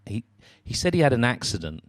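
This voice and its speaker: A man's voice: medium pitch, very animated, brisk, no echo, studio quality. A man hosting an interview podcast, chatting casually and telling rambling anecdotes. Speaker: podcast host.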